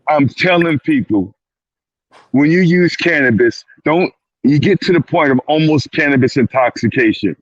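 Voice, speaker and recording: A man's voice: on the high side, animated, normal speed, no echo, dull audio. A male clinician speaking as a guest on a panel, emphatic, repeating his words and often slipping into quoted asides. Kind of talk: panel discussion.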